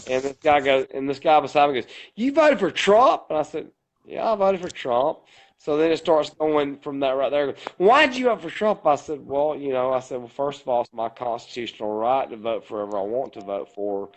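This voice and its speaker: A man's voice: medium pitch, steady tone, fairly quick, darkish tone. A man co-hosting a podcast, telling a long story at a rambling pace and swearing often. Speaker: podcast co-host. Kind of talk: casual podcast chat. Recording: dull lo-fi podcast audio.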